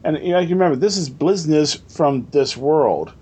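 Guy with a husky voice, earnest, keeps bringing up the rules. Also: fairly high pitch, expressive, moderate pace, warm tone. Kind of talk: casual roleplaying-game chat.

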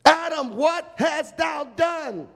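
A man preaching voices God as a stern, commanding father, booming and solemn. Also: a little slow, vocal fry. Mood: thundering.

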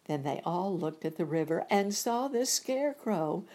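A woman reading a children's storybook aloud, gentle and unhurried. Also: on the low side, expressive. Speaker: reader. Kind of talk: storybook narration.

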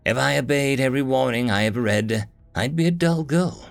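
A man's voice: very animated, normal speed, soft background music. A man voicing a haughty, dramatic young female mage in an audiobook reading, his voice raised well above his own. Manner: dismissive, theatrical, high-pitched squeals.

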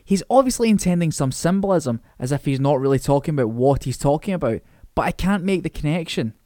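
A man's voice: a little high, lively intonation, brisk, no echo, clean studio sound, lightly acted. A man voicing a poised teenage schoolgirl. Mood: thoughtful. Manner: soft, polished.

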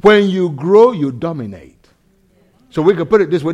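A man preaching a sermon, animated, swinging from loud shouts to quiet intensity, laughing between lines. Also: a little high, normal speed. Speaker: pastor.

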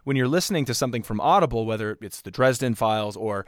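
A man's voice: medium pitch, animated, quick pace, no room sound, studio quality. A man co-hosting a podcast, talking casually and eagerly with his co-hosts. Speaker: podcast co-host. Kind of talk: casual chat.

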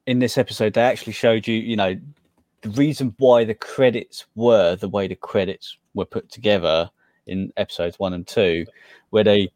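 A man's voice: lowish voice, steady tone, moderate pace, a little mellow, no room sound. A man co-hosting a podcast in casual chat, laid-back but opinionated. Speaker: podcast co-host.

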